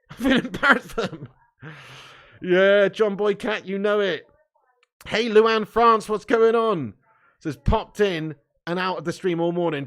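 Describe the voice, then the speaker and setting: A man hosting a live football watch-along, reading chat comments aloud with mocking banter, swearing and laughing. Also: high-pitched.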